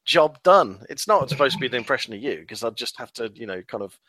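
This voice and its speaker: A man's voice: mid-range voice, lively intonation, fast talker, bright, forceful tone, no echo. A man co-hosting a football podcast, teasing his co-host in dry, joking banter. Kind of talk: casual chat.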